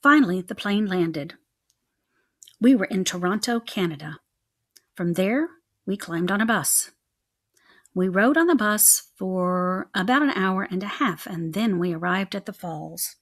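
A young adult woman reading a children's chapter book aloud in an expressive, rhythmic way. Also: mid-range voice, unhurried. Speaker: reader.

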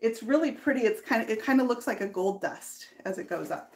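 A woman's voice: a little high, expressive, a little fast, noisy background. A woman hosting a live furniture painting demonstration in her workshop, explaining each step in a chatty way and laughing easily. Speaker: furniture painter and tutorial host.

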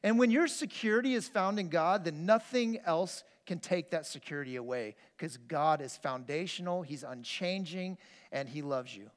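A man's voice: on the high side, normal speed. A man preaching a conversational sermon as pastor, telling personal stories in an earnest way with frequent restarts. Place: church sanctuary. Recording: long reverb of a church hall.

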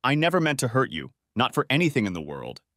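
A man voicing a tired, remorseful wife who pleads and apologizes in a softened, higher voice, with lively inflection. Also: fast, no echo, clean studio sound. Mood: remorseful, pleading.

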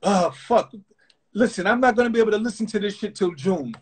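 A man imitating a brash, loud record executive. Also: high voice, lively intonation, fairly quick, husky, voice pushed up. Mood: brusque. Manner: brash, dismissive and shouty. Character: loud arrogant male record label executive.

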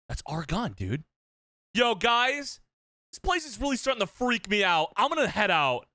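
A man's voice: high-pitched, sing-song, normal speed, sharp tone. A young man giving profane, jokey reactions while commentating a horror game. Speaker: gaming YouTuber.

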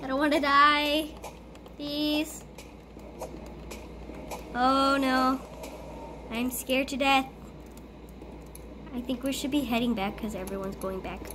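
A woman's voice: sits high, steady tone, slow pace, long pauses, background noise. A woman giving live gameplay commentary, panicky, pleading and screaming often as she plays. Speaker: gamer.

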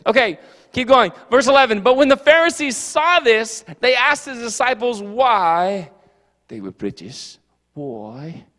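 High-voiced youth pastor in an echoing hall. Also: male voice. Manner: animated, jokey, puts on quick character voices. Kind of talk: casual youth sermon. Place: church hall. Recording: long hall reverb.

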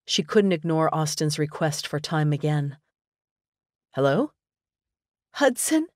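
A woman narrating a romance audiobook with measured, even pacing. Her voice sits low, and the recording is dry and close. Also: no room sound. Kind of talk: scripted narration.

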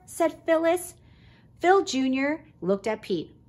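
A woman reading a picture book aloud to young children, slow and highly expressive. Her voice sits fairly high and swoops widely, with a breathy softness. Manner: expressive storytelling. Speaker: preschool teacher.

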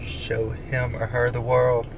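A man's voice: medium pitch, monotone, slow pace, vocal fry, background noise. A man talking in an upbeat, joking way on a casual family vlog, recorded on a handheld phone. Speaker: husband and father. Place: car and hospital.

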